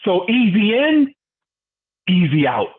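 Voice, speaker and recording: A man's voice: high voice, very animated, takes it slowly. A man leading a motivational business training call, fired up and preachy, often putting questions to his listeners. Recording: tinny phone-line audio.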